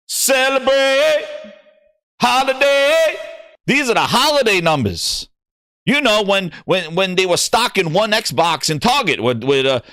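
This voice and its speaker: Animated high-voiced man hosting a gaming livestream. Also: dry recording, clean studio sound. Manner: animated, joking rants with mock skits; shouts out viewers. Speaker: livestream host. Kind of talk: gaming news livestream commentary.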